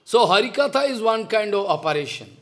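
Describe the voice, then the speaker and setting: Here a spiritual teacher, an older man, delivers a devotional lecture that is heated and scolding, full of repeated rhetorical questions. The voice is high-pitched and animated, fairly quick and a bit bright.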